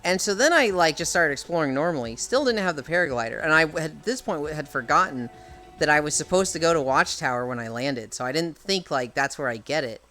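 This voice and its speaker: A male streamer who rambles through a story in a bright, lively voice that swings up and down a lot. He sounds exasperated and swears freely, with faint music playing behind him. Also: a little high, brisk. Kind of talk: casual chat on a live stream.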